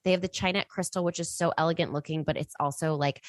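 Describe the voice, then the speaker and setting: A woman's voice: low-pitched, steady tone, quick pace, no room sound. A woman co-hosting a podcast in casual chat, bubbly and gushing. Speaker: podcast co-host.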